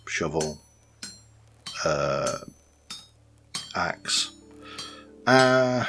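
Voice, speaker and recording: A man with a very deep, low-pitched voice talks through a game in a loose, rambling way, stopping for fillers and small restarts. A faint hiss of noise sits under him. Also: a bit bright. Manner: chatty and rambling, with many fillers. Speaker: let's-play host. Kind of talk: casual game commentary.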